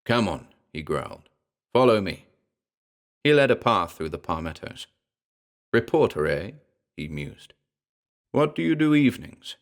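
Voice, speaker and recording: A man doing a gruff, wisecracking talking gorilla. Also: on the low side, sing-song, unhurried, pauses often. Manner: growling, slangy, wry.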